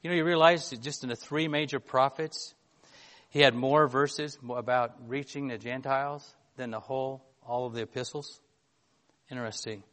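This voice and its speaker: A man preaching a sermon in a conversational, halting way, often restarting and filling gaps, reading scripture aloud. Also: medium pitch, fairly even intonation, a bit bright.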